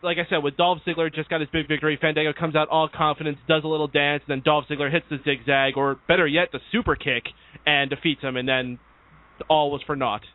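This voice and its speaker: A man hosting a wrestling radio show, moderating the panel in a brisk, casual way. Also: on the high side, steady tone, no echo. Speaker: podcast host. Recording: phone-line audio.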